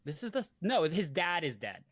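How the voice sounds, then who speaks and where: A young man casually recapping a show for his co-hosts, rambling and jokey, slipping into quick character voices. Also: on the high side, sing-song, fairly bright tone. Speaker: podcast host presenting slides.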